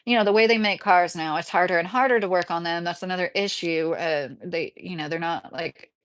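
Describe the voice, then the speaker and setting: A woman's voice: lowish voice, fairly quick. A woman in her late thirties hosting a casual livestream from home, chatting and reading viewer comments aloud, often breaking into laughter. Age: 30s. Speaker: livestream host reading chat. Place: mobile home indoors.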